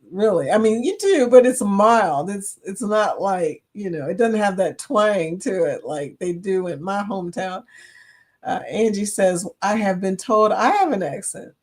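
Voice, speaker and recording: A woman's voice: medium pitch, a little mellow. Kentucky woman hosting a live chat, talks easy, reads out comments, laughs a lot. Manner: chatty, reads viewer comments aloud, laughs often. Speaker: livestream host. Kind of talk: casual livestream chat.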